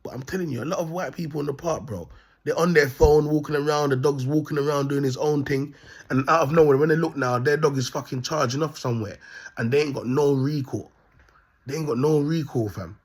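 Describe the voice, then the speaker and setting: Speaking fairly quickly in a fairly high, slightly rough voice, this man rambles to the camera as a self-styled prophet vlogger. His monologue repeats itself, he laughs at his own points, and he keeps checking in with his listeners.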